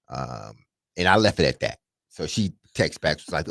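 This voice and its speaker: A man's voice: extremely low pitch, moderate pace, gravelly, dry recording, studio quality. A middle-aged man, a radio host telling a story casually and dramatically, laughing as he goes. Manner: animated, laughing, dramatic retelling.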